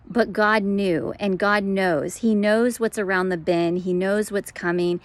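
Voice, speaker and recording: A middle-aged woman sharing an informal devotional word, gentle and conversational, with frequent fillers. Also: medium pitch, fairly even intonation, a little slow, hardly any pauses, dry recording. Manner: warm, gentle, conversational, with fillers and soft laughs. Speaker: speaker sharing a prophetic word.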